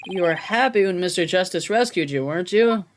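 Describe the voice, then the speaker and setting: A woman's voice: fairly low pitch, lively intonation, a little fast, slight background noise, close to an everyday voice. A woman voicing a wry male defense attorney in a dry, matter-of-fact way.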